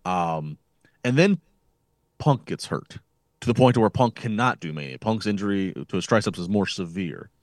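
A man's voice: lowish voice, animated, normal speed, dry recording, clean studio sound. A man co-hosting a wrestling podcast, thinking aloud in casual chat with frequent restarts. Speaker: podcast co-host.

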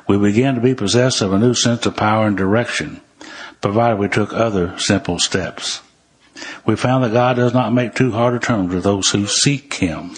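An older man with a drawl tells folksy recovery stories with dry humor. His voice sits fairly low and has a heavily husky, breathy texture. Now and then he reads passages from a book aloud. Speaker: recovery speaker.

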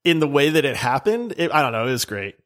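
A man co-hosting a gaming podcast, telling stories from play sessions in a lively, animated way. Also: medium pitch, quick pace. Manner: animated storytelling, bursts of shouting when reliving wins. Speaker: podcast co-host. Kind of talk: casual gaming podcast chat.

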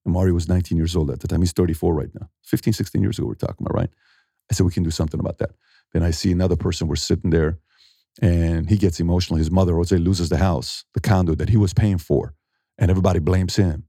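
A middle-aged man, an entrepreneur, telling animated stories in a conversational interview and acting out what people said. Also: deep voice, fast, dry recording, clean studio sound. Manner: animated storyteller acting out quotes, emphatic.

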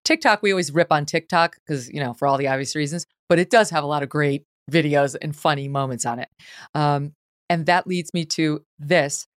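A woman hosts a talk podcast, talking with sarcastic, animated energy and frequent laughter. Her voice sits low, and the recording is dry and close. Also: fairly quick, dry recording. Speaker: podcast host. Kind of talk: casual talk-show commentary.

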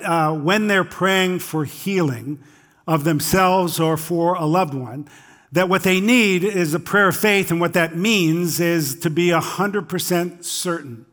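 A man's voice: high-pitched, fairly bright tone. A male pastor giving a conversational sermon, stepping into quoted voices when telling stories.

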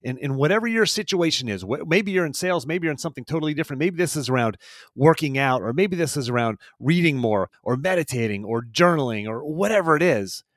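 A man, a performance coach, giving a solo motivational podcast talk in an energetic, emphatic way, repeating key phrases. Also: on the high side, quick pace, dry recording, clean studio sound.

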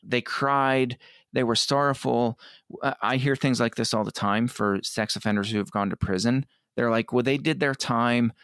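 A middle-aged man talking earnestly as an interview guest, often quoting others in quick asides. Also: mid-range voice, a bit bright, smooth, dry recording, clean studio sound. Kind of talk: conversational interview.

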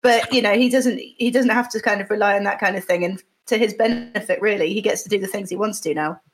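A woman presenting a mock film award in casual chat, deadpan and sweary. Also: medium pitch, quick pace, poor audio. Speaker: podcast co-host.

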